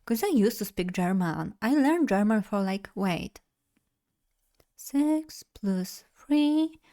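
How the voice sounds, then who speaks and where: A woman's voice: medium pitch, lively intonation, warm tone. Young woman, streamer, casual chat, rambling, self-deprecating. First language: Polish. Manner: rambling, chatty, self-deprecating, quick to laugh.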